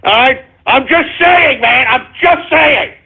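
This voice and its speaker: A man's voice: very high-pitched, slow, husky. A male talk radio host ranting about politics in a profane, sarcastic, combative way. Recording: phone-like lo-fi radio audio.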